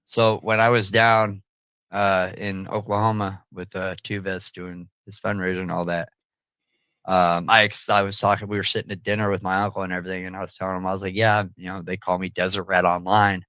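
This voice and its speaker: Young man, casual storytelling, bright forceful voice, dry close sound. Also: brisk, smooth, dry recording, highs cut off. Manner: animated storyteller, jumps into loud high-pitched quoted voices, laughs often.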